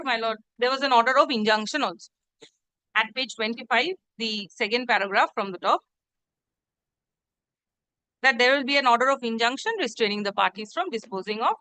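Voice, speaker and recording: High, bright-voiced woman advocate. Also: dry recording, poor audio. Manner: formal and deferential, constantly addressing "my lord". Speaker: advocate arguing before a judge. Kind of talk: formal courtroom submission. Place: courtroom hearing, live-streamed.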